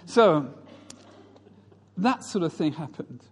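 A man's voice: fairly high pitch, big pitch swings, slow pace, breathy edge, long reverb tail. A male pastor preaching a sermon, telling stories and mimicking other people's voices.

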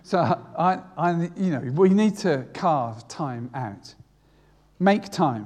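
A man's voice: on the high side, expressive, slow pace, a little mellow, long reverb tail. A retired man preaching a sermon, earnest and repeating key phrases for emphasis. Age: older.

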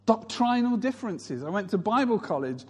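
Husky high-voiced preacher in a hall. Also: male voice, very animated, normal speed. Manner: storytelling, mimics others in raised voices. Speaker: pastor. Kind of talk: sermon.

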